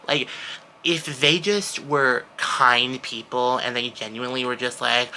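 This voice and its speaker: An eighteen-year-old man venting to camera in a casual vlog, animated and exasperated, with sudden leaps up in pitch. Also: unhurried, a little hiss or hum, low-quality recording. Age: teens. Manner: animated, exasperated storytelling with big pitch jumps. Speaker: vlogger.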